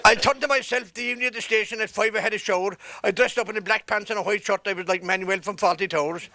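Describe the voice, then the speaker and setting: A man's voice: high-pitched, fairly even intonation, quick pace, sharp tone. An Irish man telling a bawdy comic tale in rhyme, building to each punchline. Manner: rhyming, bawdy, punchline-driven delivery. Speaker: comic storyteller. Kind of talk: comic recitation to a pub audience. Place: pub function.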